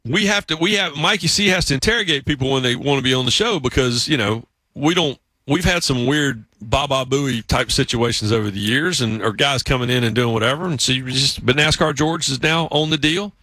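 A man with a Southern US accent, hosting a sports radio show and telling stories in a lively, casual way. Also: mid-range voice, brisk, few pauses, no echo. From South Carolina, US South. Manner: animated, acts out voices in stories.

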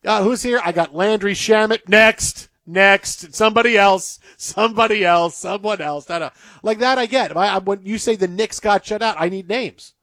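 A male sports talk host from the Detroit area, chatting in animated, rambling banter that repeats itself. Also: sits high, moderate pace, hardly any pauses, no echo, clean studio sound. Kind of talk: casual banter.

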